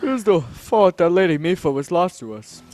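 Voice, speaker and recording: A man's voice: high-pitched, sing-song, normal speed, a little mellow. A man doing a stern, scolding old advisor. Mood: indignant. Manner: indignant, scolding. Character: stern old male fish-folk advisor, distrustful.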